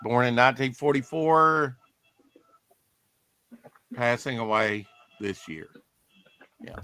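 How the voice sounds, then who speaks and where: Bright, chatty podcast host man. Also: mid-range voice, slow, clear, resonant tone, dry recording. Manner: chatty, rambling, reads promos aloud. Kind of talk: casual chat about comics.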